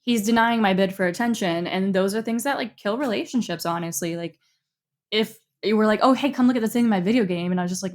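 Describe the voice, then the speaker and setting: A young woman co-hosting a podcast, telling stories in a casual, animated way and acting out the people she quotes. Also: mid-range voice, quick pace. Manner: chatty, animated storytelling with quoted asides. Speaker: podcast co-host. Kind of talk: casual chat.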